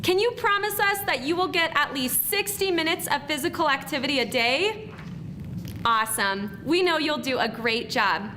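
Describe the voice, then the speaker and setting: A woman's voice: sits high, lively intonation, moderate pace, sharp tone, slight background noise. A woman speaking to a school group as a presenter, upbeat and encouraging. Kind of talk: scripted talk to students.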